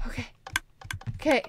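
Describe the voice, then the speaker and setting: A young woman playing a game and commentating, excitable and quick to gasp and shriek. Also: high voice, a little hiss or hum. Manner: excitable, gasps and shrieks often. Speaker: gaming YouTuber. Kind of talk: Minecraft let's-play commentary.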